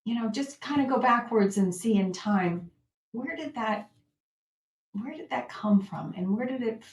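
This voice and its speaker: A woman teaching self-help in a gentle, reflective way, sometimes acting out her own inner thoughts. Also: a little high, animated, unhurried. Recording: echoey room, voice off-mic.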